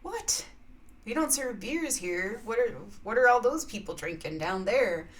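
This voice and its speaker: A woman voicing a huge, thirsty male grizzly bear in a told joke, begging loudly and flaring up. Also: medium pitch, a little slow, lightly acted. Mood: indignant. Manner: pleading then indignant shouting.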